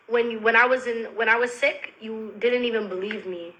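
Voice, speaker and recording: A woman's voice: on the high side, steady tone, fairly quick, hardly any pauses, bright, forceful tone, dull audio. A young woman telling a personal story to the camera in a casual, rambling, candid way, blunt and full of slang and swearing.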